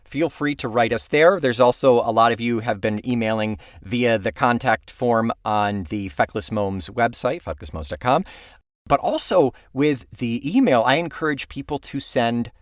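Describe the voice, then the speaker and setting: A man co-hosting a music podcast, reading listener mail and plugging the show in a relaxed, chatty way. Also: medium pitch, moderate pace, no room sound, studio quality. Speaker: podcast co-host. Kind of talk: casual chat.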